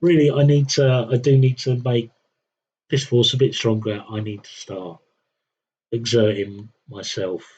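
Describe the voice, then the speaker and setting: A man's voice: mid-range voice, little pitch movement, measured pace, darkish tone, highs cut off, slight background noise. A young man streaming a strategy game, thinking aloud with wry, muttered commentary. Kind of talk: casual live gameplay commentary.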